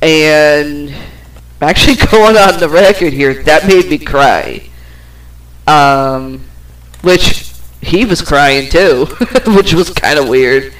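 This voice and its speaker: A woman's voice: deep voice, slow, long pauses, poor audio. A woman hosting a podcast, telling a personal story in a casual, rambling way with plenty of swearing. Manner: rambling, profane, with fillers and laughs. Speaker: podcast host.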